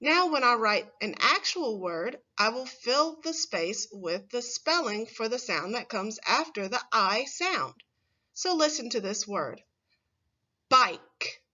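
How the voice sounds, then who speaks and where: A woman teaching a phonics lesson to first graders, saying each word slowly and clearly for the children to repeat. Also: a little high, pushed and bright, muffled recording. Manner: slow, clear, stressing single words for children to repeat.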